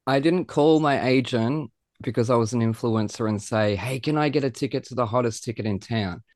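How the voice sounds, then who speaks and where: A man's voice: mid-range voice, fairly quick, darkish tone, no room sound, studio quality. A man, hosting a podcast and talking in a gushing, emotional way. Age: 30s. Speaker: podcast host. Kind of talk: casual chat.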